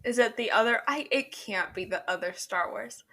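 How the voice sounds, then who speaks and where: Bright high woman, slow and hesitant. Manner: hesitant, stalls while thinking. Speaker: podcast co-host. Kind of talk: casual game chat.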